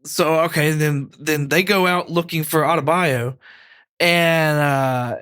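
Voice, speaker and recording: A man's voice: a little high, steady tone, slow pace, fairly bright tone, clear, resonant tone, dry recording, studio quality. A man co-hosting a podcast, casually recapping a TV episode in a rambling way, with frequent "like" and laughter. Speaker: podcast co-host. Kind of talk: casual chat reviewing a TV episode.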